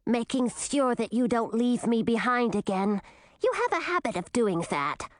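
A woman voicing a small, sharp-tongued female pet snake in a storybook reading, teasing and dryly critical. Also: a little high, very animated, normal speed, no room sound, clean studio sound.

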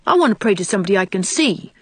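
A woman voicing a small, anxious, earnest boy in a quick, pleading, higher voice. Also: very animated, husky, dry recording.

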